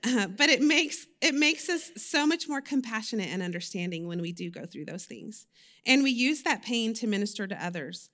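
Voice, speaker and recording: With a somewhat high, animated voice and a fairly bright tone, a woman preaches in a church at normal speed. As a lay preacher, she keeps the sermon personal and conversational, candid and confessional, sprinkled with fillers and self-corrections.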